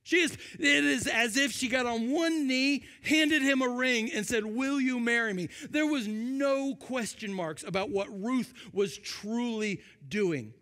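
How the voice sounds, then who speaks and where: Male pastor, high voice, animated delivery that acts out voices, recorded in a big hall with long reverb. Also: measured pace, hardly any pauses. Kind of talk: sermon.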